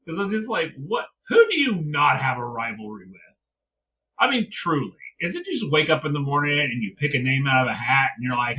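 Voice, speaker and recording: A man's voice: a little high, sing-song, fast talker, bright, forceful tone, recorded from a distance, a little hiss or hum, rough recording. A man co-hosting a wrestling review podcast, ranting heatedly in casual chat, swearing and mimicking people in mocking voices. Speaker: podcast co-host.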